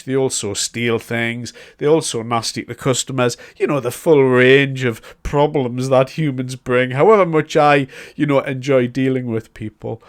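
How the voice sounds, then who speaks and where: Emphatic man commentating. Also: mid-range voice. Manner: conversational, emphatic, argues point by point. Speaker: political commentator. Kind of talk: solo commentary monologue.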